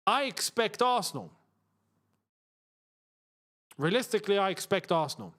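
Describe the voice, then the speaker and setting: A young man hosting a live football watchalong, reacting loudly to goals and bantering with his chat. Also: sits high, sing-song, normal speed.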